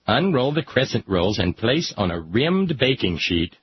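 A man reading aloud with sardonic, deadpan asides. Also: medium pitch, unhurried, slight background noise. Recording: dull lo-fi recording.

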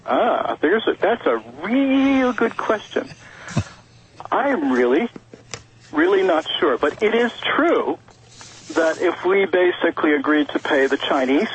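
A man with a very raspy, slightly high voice calls in to a radio show. He rambles along with fillers and restarts, heard through a dull phone line. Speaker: caller. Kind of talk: call-in talk radio. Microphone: telephone.

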